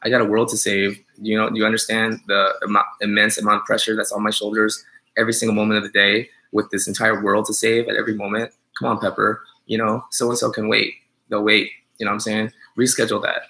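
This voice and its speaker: Gravelly man joking through a live stream. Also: lowish voice, completely flat delivery, fast, bright, forceful tone. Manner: playful teasing, rambling with many fillers. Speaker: dog groomer live-streaming to viewers. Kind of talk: joking live-stream chat, reading viewer comments.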